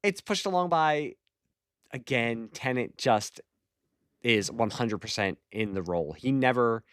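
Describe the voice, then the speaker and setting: A man's voice: medium pitch, animated, unhurried, fairly bright tone, clear, resonant tone, no echo, studio quality. A man hosting a podcast in casual chat, talkative and laughing often. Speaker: podcast host.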